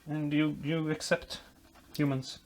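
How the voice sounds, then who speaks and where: A man's voice: a little high, little pitch movement, slow pace. A man vlogging as he builds a guitar, explaining while he works, rambling and making self-deprecating jokes. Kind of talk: casual workshop tutorial chat.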